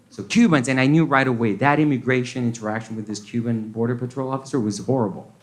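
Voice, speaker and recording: A man's voice: mid-range voice, fast talker, few pauses. A man from Colombia with a Colombian accent, doing a stand-up set that mixes English and Spanish and acts out the people in his stories. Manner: switches between English and Spanish, acts out characters. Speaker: stand-up comedian. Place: comedy club stage with audience.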